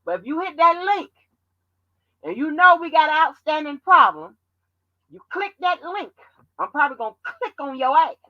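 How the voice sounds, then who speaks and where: A woman hosting a livestream, talking bluntly and profanely in animated commentary. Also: high-pitched, moderate pace, long pauses, dry recording, dull audio. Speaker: channel host.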